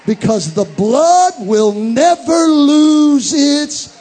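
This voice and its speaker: A man preaching a sermon as pastor, impassioned, swinging from loud climaxes to hushed storytelling. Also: very high voice, extremely slow.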